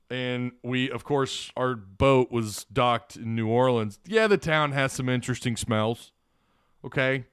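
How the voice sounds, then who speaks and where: A man's voice: medium pitch, a bit bright, smooth, no room sound, clean studio sound. Rambling man hosting live sports talk. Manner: rambling, opinionated, frequent restarts. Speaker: sports podcast host.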